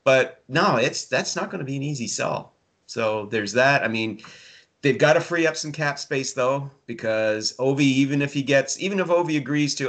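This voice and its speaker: A man's voice: medium pitch, normal speed, a bit bright. A man, a hockey writer, chatting casually about hockey with dry sarcasm and many fillers. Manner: sardonic, rambling, many fillers. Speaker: hockey writer and podcast regular. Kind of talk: casual sports chat.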